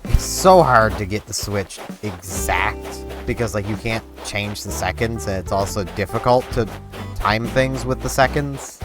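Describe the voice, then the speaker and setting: A man's voice: lowish voice, measured pace. A man giving casual commentary while playing a video game, rambling and thinking aloud. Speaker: let's play gamer. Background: game music.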